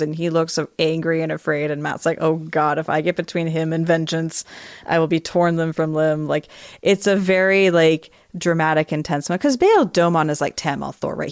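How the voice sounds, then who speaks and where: A young adult woman co-hosting a casual book podcast, animated and laughing as she reads quotes in playful accents. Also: low-pitched, no echo, clean studio sound. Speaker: podcast co-host. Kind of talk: casual book discussion chat.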